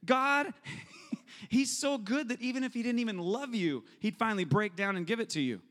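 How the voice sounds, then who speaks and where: A man preaching a sermon as pastor, animated, acting out prayers and voices. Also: high voice, normal speed. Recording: long hall reverb.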